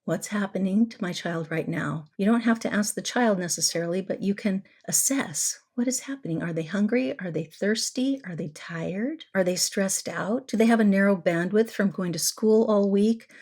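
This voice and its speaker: A middle-aged woman therapist hosting a parenting podcast, teaching in a calm, coaching way and repeating key words for emphasis. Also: medium pitch, normal speed, hardly any pauses.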